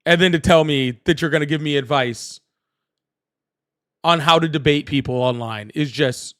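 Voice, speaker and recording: A man hosting a live call-in political stream, animated, laughing often and thanking viewers. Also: fairly high pitch, normal speed. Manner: apologetic, excitable. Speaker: livestream host.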